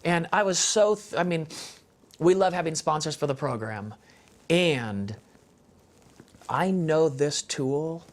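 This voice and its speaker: With a voice on the high side, this man speaks slowly and pauses often as he gives a heartfelt testimony of faith. He's a guest on a parenting show, talking emphatically and casually, repeating phrases for stress and using fillers and restarts.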